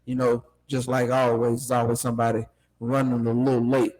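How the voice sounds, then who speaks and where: Fast-talking man hosting. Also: mid-range voice, monotone, a little mellow, poor audio. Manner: upbeat, welcoming, quick-talking. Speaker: host. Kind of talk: live show chat.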